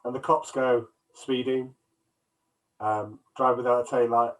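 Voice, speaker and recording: A man's voice: mid-range voice, flat delivery, a little slow. A man co-hosting a film podcast, casually retelling scenes and acting out quotes, on a video call. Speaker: podcast co-host. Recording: distant from the mic, headset.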